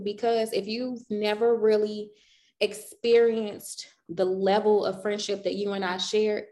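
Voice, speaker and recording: A woman's voice: mid-range voice, fairly even intonation, a little slow, a little mellow. A woman co-hosting a podcast, chatting casually and affectionately with slang. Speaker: podcast co-host. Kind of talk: casual chat.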